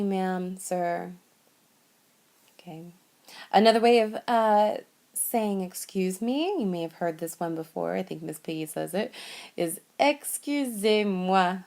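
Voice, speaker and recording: A woman teaching basic French phrases in a whiteboard lesson, speaking slowly and patiently and repeating each phrase for the learner. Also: lowish voice, creaky, a little mellow.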